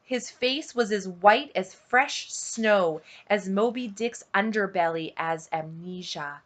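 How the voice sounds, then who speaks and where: A woman reading a novel aloud at home, unhurried and dramatic, dropping to a hush at tense moments. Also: mid-range voice. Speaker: audiobook reader on her channel.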